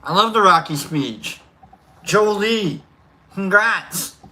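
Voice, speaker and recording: Guy chatting on his stream, rambles and corrects himself, sharp bright tone. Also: high voice, lively intonation, takes it slowly. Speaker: livestream host. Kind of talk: casual livestream chat.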